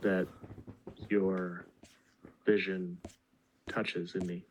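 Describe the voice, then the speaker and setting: A man in a reflective group discussion, speaking slowly and hesitantly with long pauses mid-sentence. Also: sits low, little pitch movement, darkish tone, a little hiss or hum, low-quality recording.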